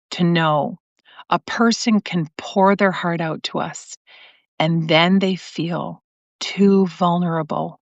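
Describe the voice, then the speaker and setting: A woman retelling a soft-spoken woman mentor. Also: lowish voice, dry recording. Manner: slow, tender and soft. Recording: dry, slightly muffled stream audio.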